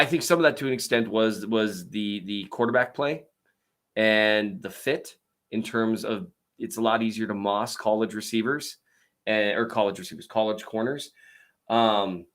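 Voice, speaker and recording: A man hosting a show, answering viewer questions in a rambling casual chat with many fillers and restarts. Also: lowish voice. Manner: tries to talk louder and slower.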